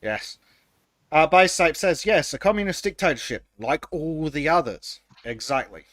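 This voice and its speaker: A man's voice: on the high side, expressive, normal speed, fairly bright tone, no echo. A man co-hosting a casual podcast, reading chat comments aloud, laughing often and stumbling over his words.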